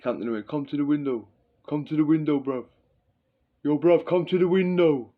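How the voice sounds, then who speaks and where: Man putting on a cocky young inmate yelling from a cell. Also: on the high side, moderate pace, pitched above the performer's own voice, lightly acted. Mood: taunting. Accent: London street. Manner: taunting, slangy calls. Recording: dull lo-fi recording.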